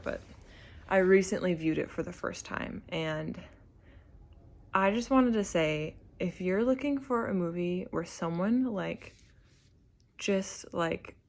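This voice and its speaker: A young woman vlogger chatting casually, gushing and rambling with lots of filler words. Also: lowish voice. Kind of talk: casual chat.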